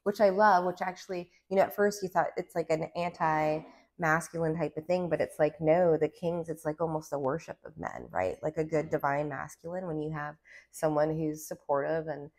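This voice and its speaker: A woman's voice: deep voice, moderate pace, darkish tone. A woman giving a casual pick-a-card tarot reading, rambling along with lots of "like" and a valley-girl lilt. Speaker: tarot reader.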